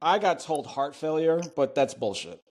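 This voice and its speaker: Sarcastic podcast host, higher voice. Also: male voice, very animated, normal speed. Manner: pointed, slightly sarcastic questions. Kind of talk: casual chat.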